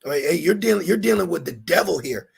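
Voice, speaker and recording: A man's voice: fairly high pitch, animated, fast, gravelly, husky. A man giving an emphatic scripture lesson as a religious teacher, mixing preaching with street slang.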